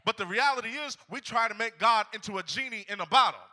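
A man's voice: sits high, fast, sharp tone. A man preaching a fervent sermon to a congregation, repeating his phrases and calling out to them. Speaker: pastor. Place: church sanctuary. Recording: long reverb of a large hall.

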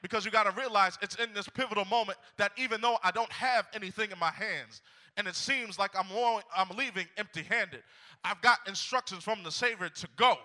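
A young man preaching a sermon, telling a story and then rising into shouted exhortation. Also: high-pitched, fairly quick.

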